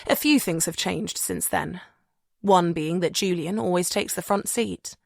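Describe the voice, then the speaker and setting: A woman narrating an audiobook thriller in a measured, suspenseful way. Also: lowish voice, gravelly, a little mellow, dry recording, studio quality.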